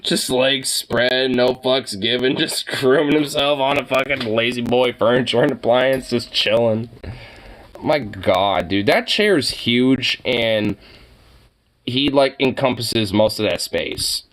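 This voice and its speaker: A man's voice: medium pitch, takes it slowly, fairly bright tone. A young man chatting casually as he reacts to pet pictures, swearing, exclaiming and laughing often.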